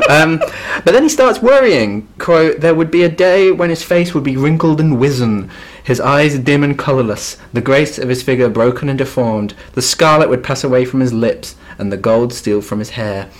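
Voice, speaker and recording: A man co-hosting a casual literature podcast, recapping a novel with a wry, dry humor and laughing asides. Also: medium pitch. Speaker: podcast co-host.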